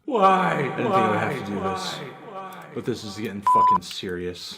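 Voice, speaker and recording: A man doing a jokey try-not-to-laugh challenge commentary, excitable, breaking into yelps and shouted laughs. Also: medium pitch, normal speed, very noisy. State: in pain from a self-inflicted penalty. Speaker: YouTuber.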